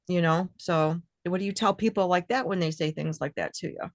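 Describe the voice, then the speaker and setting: A woman's voice: lowish voice, a little fast, few pauses, no echo. A woman sharing her personal story in a casual group session, earnest and rambling, acting out bits of dialogue. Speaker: workshop participant.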